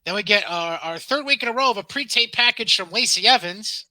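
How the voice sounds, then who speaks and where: A high-voiced man with a very bright, sharp tone recaps events and chimes in with wry remarks. He sounds close to the mic in a dry space. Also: animated, brisk, no room sound. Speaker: podcast host. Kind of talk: casual chat.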